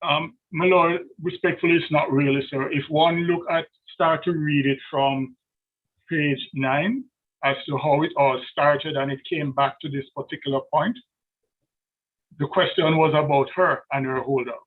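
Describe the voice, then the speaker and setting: A man's voice: on the high side, fairly even intonation, measured pace. A male defence lawyer making formal, deferential courtroom submissions to appeal judges, with frequent hesitations. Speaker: defence counsel. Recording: tinny phone-like remote line.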